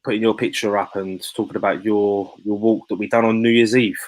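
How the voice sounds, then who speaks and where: Bloke hosting, low voice, chatty and slangy, dry close sound. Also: male voice, little pitch movement, fairly quick, no room sound, rough recording. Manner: chatty, emotional, slangy, many restarts. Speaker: host. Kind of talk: live chat show.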